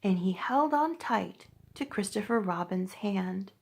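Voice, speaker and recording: A woman from a library reading a children's book aloud with lively, expressive storytelling. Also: mid-range voice, a little slow, slightly rough.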